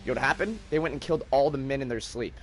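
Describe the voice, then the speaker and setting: A man's voice: mid-range voice, racing. A young man hosting a gaming livestream, ranting in a heated, profane, casual way.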